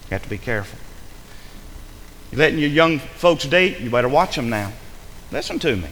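A man preaching a sermon, lively and forceful, acting out the voices of the people he addresses. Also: medium pitch, a little fast, big-room sound, a little hiss or hum, low-quality recording. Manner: animated preaching, acts out imagined voices. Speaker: pastor.

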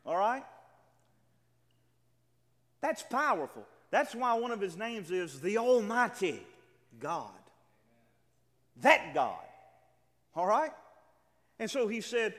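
Animated high-voiced male preacher. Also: takes it slowly, pauses often. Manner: emphatic, repetitive, stammering restarts, quotes scripture dramatically. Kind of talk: sermon. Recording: reverberant hall.

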